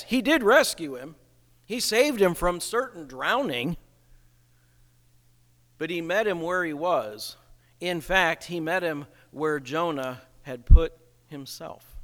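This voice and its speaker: A male pastor preaching a sermon in a church, slow and emphatic, asking rhetorical questions. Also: a little high, lively intonation, a bit bright, big-room sound.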